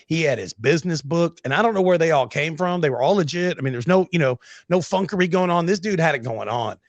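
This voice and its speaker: A man's voice: fairly high pitch, lively intonation, fast talker, no echo, lo-fi sound. Brash storytelling man, dry close mic. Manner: brash, storytelling, says bro a lot. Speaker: podcast host. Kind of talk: casual interview chat.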